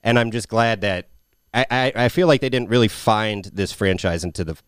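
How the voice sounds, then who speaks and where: A young man with a low, smooth voice talks through films in a relaxed review chat. He rambles and restarts his thoughts. His voice is clear and recorded dry and close. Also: normal speed, no room sound. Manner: laid-back, rambling, many restarts. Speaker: podcast co-host. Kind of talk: casual movie review chat.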